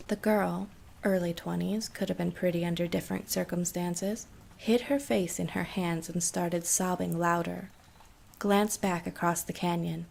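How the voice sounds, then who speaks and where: A woman narrating a scripted horror story in a steady, measured way. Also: fairly low pitch, creaky.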